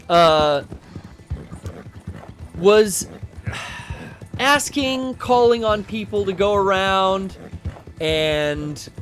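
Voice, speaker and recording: A man in his thirties co-hosting a game stream, telling a casual, profane, rambling story. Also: high voice. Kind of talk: casual storytelling over gameplay.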